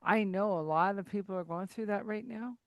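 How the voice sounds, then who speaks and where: A woman's voice: mid-range voice, moderate pace, no room sound. Woman podcast host, conversational and affirming, dry close-miked sound. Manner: affirming, interjects to reflect back. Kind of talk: conversational interview.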